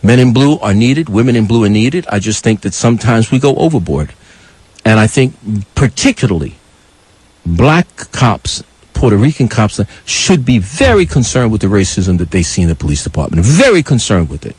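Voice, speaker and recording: An older man from New York telling a passionate personal story as a live radio call-in co-host, with a husky voice and wide emotional swings. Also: lowish voice, sing-song, normal speed, darkish tone, low-quality recording. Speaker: radio talk show co-host.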